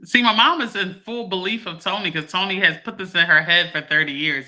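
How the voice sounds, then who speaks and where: A woman, hosting a livestream and chatting to her viewers in a lively way, laughing often. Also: lowish voice, fairly quick, few pauses. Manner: animated, laughing, addresses viewers as y'all. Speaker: livestream host. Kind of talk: casual chat to a live audience.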